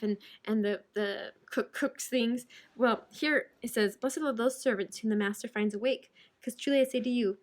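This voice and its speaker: A woman's voice: on the high side, slight background noise. A young woman giving an earnest, chatty Bible lesson to children, with fillers and restarts. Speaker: children's ministry teacher.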